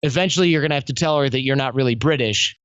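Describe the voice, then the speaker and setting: Male podcast guest, casual and animated storyteller, slangy; muffled, dry recording. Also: mid-range voice, very fast, clear, resonant tone, dry recording. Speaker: podcast guest, self-development coach. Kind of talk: casual conversational interview.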